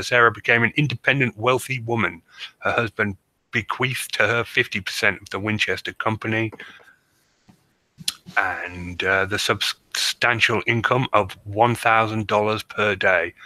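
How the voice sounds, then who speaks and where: A man's voice: on the low side, bright, forceful tone, no room sound, rough recording. A man co-hosting a podcast, reading out a history from notes and breaking off into jokey asides. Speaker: podcast co-host reading research. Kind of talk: casual podcast chat.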